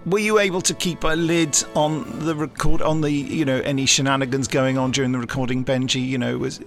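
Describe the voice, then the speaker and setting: A man's voice: mid-range voice, fairly quick, faint music behind. A man co-hosting a podcast who asks the questions and tells anecdotes about recording sessions. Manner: lively storyteller, leading the questions. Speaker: podcast co-host and producer. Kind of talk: casual chat.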